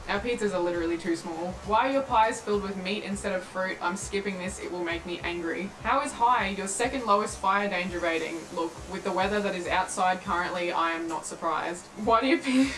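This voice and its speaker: Australian woman, sarcastic, dry humor, comedic vlog, mid pitch, roomy audio. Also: a bit bright, a little hiss or hum. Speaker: YouTuber answering viewer questions. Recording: roomy recording with faint ambience.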